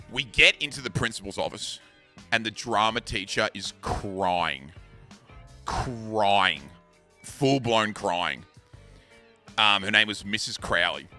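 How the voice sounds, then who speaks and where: A man in his thirties recounting an anecdote in a loose, animated way, with crude words slipped in throughout. His voice sounds piercingly bright and sharp, and faint music plays behind him. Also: on the low side. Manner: animated, swears, acts out shouts. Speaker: streamer. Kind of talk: casual storytelling.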